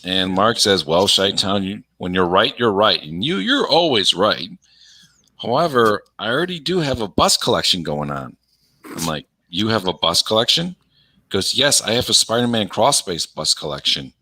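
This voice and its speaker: A man's voice: fairly low pitch, expressive, moderate pace, bright, forceful tone, no room sound. A man co-hosting a casual podcast chat, telling a story and reading out a conversation with changed voices. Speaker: podcast co-host.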